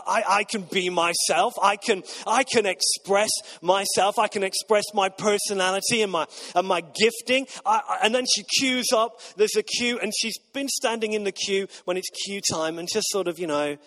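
A man's voice: sits high, fairly even intonation, normal speed, fairly bright tone. A man, a pastor in his thirties, preaching a live sermon, telling a family story with many fillers and restarts.

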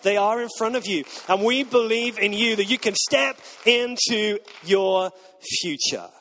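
A man's voice: high voice, a little slow, fairly bright tone. A man preaching a sermon as pastor, emphatic and repetitive, getting the congregation to repeat lines back. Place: church auditorium. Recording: long reverb of a large hall.

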